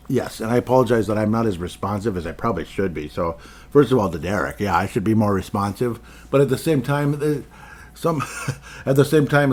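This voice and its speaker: A man's voice: on the low side, darkish tone. A man hosting a hockey podcast on his own, rambling through casual commentary with chuckles and asides.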